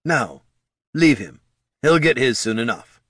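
A man's voice: mid-range voice, lively intonation, unhurried, fairly bright tone, breathy edge, no echo, clean studio sound, voice pushed up. A man voicing a stern, sly male army captain who speaks in a firm, growling way, in a fantasy audiobook.

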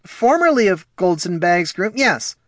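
A man's voice: high-pitched, sing-song, a little slow, fairly bright tone, no room sound, clean studio sound, pitched above the performer's own voice, exaggerated voice. A man voicing a small, anxious male gnome businessman who stammers and rambles in panic. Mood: panicked.

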